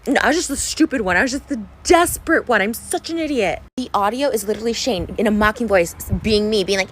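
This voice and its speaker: A woman's voice: on the high side, fast talker, hardly any pauses, slight background noise. Upset young woman venting in a rambling vlog. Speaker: vlogger. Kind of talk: unscripted vlog rant to camera.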